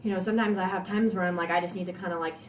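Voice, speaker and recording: A woman's voice: on the low side, rapid-fire, reverberant, a little hiss or hum. A woman guest on a podcast, chatting casually about her training and acting out the things she and her coach said. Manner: animated, acts out quoted exchanges. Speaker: podcast guest, CrossFit athlete. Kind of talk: casual conversational storytelling.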